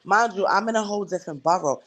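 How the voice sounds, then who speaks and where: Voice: medium pitch, quick pace, fairly bright tone, rough recording. A speaker telling a long story in casual, profane, slangy chat on a podcast.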